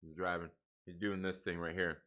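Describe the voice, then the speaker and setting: This comic book channel host, a middle-aged man, has a low-sitting voice with a sharp tone and flat delivery at normal speed. On his casual livestream he talks bluntly and profanely, rambling with frequent restarts.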